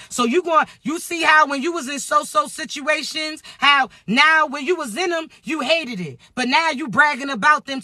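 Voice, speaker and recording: A man, talking loudly and bluntly about spirituality, cussing freely as he preaches. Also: very high-pitched, no room sound. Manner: loud, preachy, streetwise, frequent cursing. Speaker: spiritual vlogger. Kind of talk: casual spiritual talk to camera.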